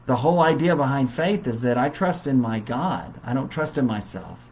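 A man preaching in a relaxed, conversational Bible study style, with many fillers. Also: medium pitch, normal speed, slight background noise, rough recording. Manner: conversational, warm storytelling with fillers.

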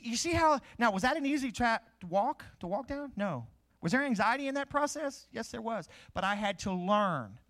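A man's voice: on the high side, fairly bright tone. A middle-aged man preaching a sermon, asking questions and answering them himself.

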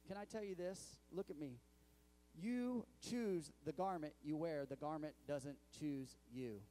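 A man's voice: on the high side, a little slow, mellow. A young male pastor preaching a sermon in a church, telling stories in a conversational way with many restarts. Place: church sanctuary.

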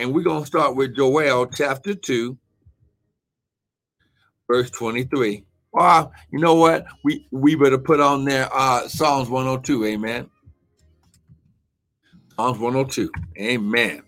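A man's voice: mid-range voice, fairly even intonation, slow, long pauses, a bit bright. A man preaching a live-streamed sermon, fervent and full of "amen" and "glory" exclamations, who talks to viewers while looking up his verses.

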